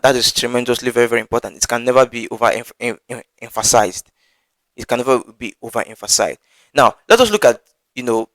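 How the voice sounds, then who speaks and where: A man's voice: medium pitch, a bit bright, dry recording, low-quality recording. Earnest stammering man teaching from the Bible. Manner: earnest, frequent stammering and repeated words. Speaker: preacher.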